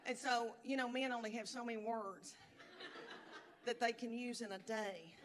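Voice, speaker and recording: A woman's voice: on the high side, fairly even intonation, normal speed. A middle-aged woman doing stand-up comedy, telling stories in a chatty drawl and acting out quotes. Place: stage before a live audience. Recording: live show with loud crowd. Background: audience laughter.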